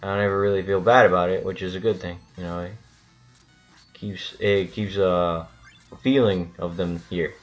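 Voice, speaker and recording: A man's voice: low voice, fairly even intonation, normal speed, faint music behind. A man rambling and swearing through casual gameplay commentary, with lots of restarts. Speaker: gaming channel host.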